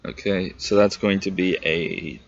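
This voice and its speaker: A man with a very low voice speaks as a player in a tabletop game, easygoing and matter-of-fact. The recording is dull and lo-fi, with a faint hiss. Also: steady tone, measured pace, gravelly. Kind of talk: casual tabletop gaming chat.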